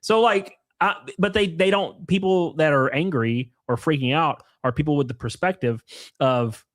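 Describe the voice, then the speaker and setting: A man's voice: fairly high pitch, normal speed, no room sound. A man streaming live, reading chat and rambling through loose, crude takes with frequent laughs. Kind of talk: casual livestream chat.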